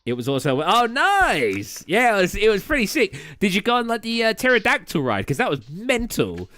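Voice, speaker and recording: Lively British man chatting on stream. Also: sits high. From Britain. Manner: rambling anecdotes with many fillers and quick laughs. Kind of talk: casual live-stream chat while gaming. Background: faint game music.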